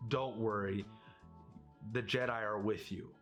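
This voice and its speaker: A calm male Jedi spirit speaks low and slow, as a man quotes him in a casual retelling. His voice is hushed and reassuring, with a soft backing of music. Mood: solemn.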